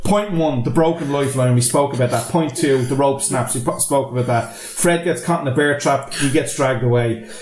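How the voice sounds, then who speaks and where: A man's voice: mid-range voice, moderate pace, hardly any pauses, a little mellow, echoey room. Sweary Irish man recapping a film. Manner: sweary, rambling, laughing recap. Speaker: podcast host. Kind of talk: casual podcast movie recap.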